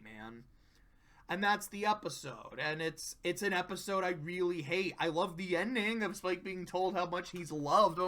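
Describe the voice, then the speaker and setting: A man's voice: high voice, fairly bright tone. A man reviewing cartoon episodes in a casual, rambling way, frank and profane, with many fillers.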